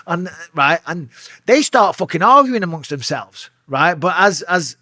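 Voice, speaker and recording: A man in his forties with a Northern English accent, telling a story in sweary, animated casual talk as an interview guest. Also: sits high, quick pace, no echo, studio quality. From England. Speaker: interview guest, former fighter.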